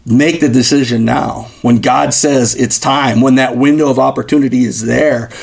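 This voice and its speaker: A man's voice: medium pitch, fairly even intonation, moderate pace, creaky, a little mellow. A man hosting a podcast who speaks in an earnest, exhorting, preaching style, with frequent fillers. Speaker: podcast host.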